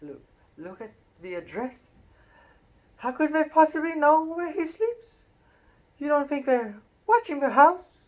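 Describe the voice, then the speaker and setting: A man's voice: extremely high pitch, sing-song, a little slow, voice pushed up, exaggerated voice. A man reading a storybook aloud and voicing a nervous middle-aged woman with a quivering, fretful voice.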